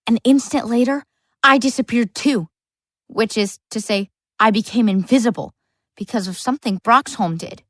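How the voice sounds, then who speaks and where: A woman's voice: on the high side, normal speed, fairly bright tone, dry recording, clean studio sound. A woman narrating a full-cast audiobook as a lonely, bookish boy, earnest with wry asides. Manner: earnest first-person storytelling, wry asides.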